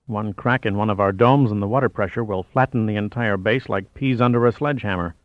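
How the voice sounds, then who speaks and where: Man reading stony male commander, terse, quiet, slightly muffled. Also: lowish voice, fairly quick, no echo, lightly acted. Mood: steady.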